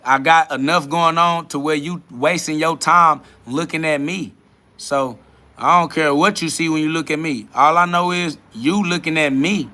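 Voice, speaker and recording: Combative man with a bright voice. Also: fairly high pitch, moderate pace. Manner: combative, dismissive, swears a lot. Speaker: livestream host answering chat. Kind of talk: profane spiritual livestream rant.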